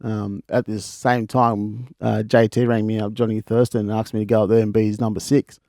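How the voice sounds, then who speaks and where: An Australian man in his thirties, co-hosting a podcast, telling stories in a relaxed way with frequent laughs and restarts. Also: fairly low pitch, a little fast, vocal fry, no echo, clean studio sound. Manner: laid-back, laughs often, many restarts. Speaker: podcast co-host, former player. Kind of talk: casual storytelling chat.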